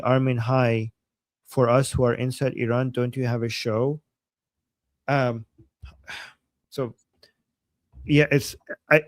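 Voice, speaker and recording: A man's voice: mid-range voice, no echo. Young male livestream co-host, Persian first language, loose rambling chat, dead-dry room. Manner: rambling, many restarts and "like".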